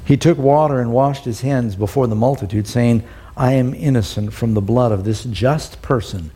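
Animated preacher, mellow husky voice. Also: male voice, moderate pace. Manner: acts out the quoted lines with rising pitch and emphasis. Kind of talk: sermon, reading scripture with commentary.

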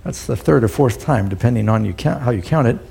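Middle-aged male preacher, mellow husky voice, dramatizes the scripture he reads. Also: animated, quick pace. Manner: acts out the quoted lines with rising pitch and emphasis. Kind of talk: sermon, reading scripture with commentary.

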